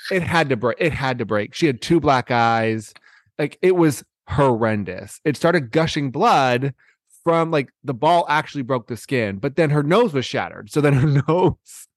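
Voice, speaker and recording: A man co-hosting a casual chat, telling a story excitedly with many fillers and restarts. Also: medium pitch, unhurried, dry recording, studio quality.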